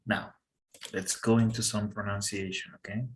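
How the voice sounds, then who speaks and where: Man tutoring, checking in with quick prompts. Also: lowish voice, level tone, a little hiss or hum, poor audio. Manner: checks in often with short prompts. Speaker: English teacher. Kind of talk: casual tutoring.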